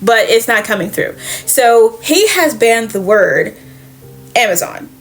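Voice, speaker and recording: A woman's voice: on the high side, sing-song, takes it slowly, faint music behind. A woman casually retelling a comic book's story as a reviewer, chatty and profane, slipping into the characters' lines.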